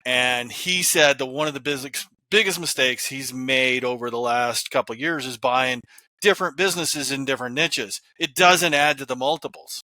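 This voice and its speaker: A man's voice: medium pitch, normal speed, bright, forceful tone, no room sound. A man hosting a conversational business interview, joking and asking follow-up questions. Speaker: podcast host, interviewer.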